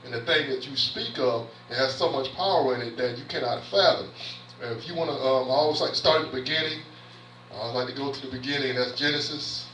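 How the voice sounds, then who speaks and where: A man's voice: medium pitch, fast talker, bright, forceful tone, roomy sound, recorded from a distance, slight background noise, rough recording. A man, a minister in training, preaching a sermon with earnest repetitions and restarts, reading scripture aloud in between. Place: church sanctuary.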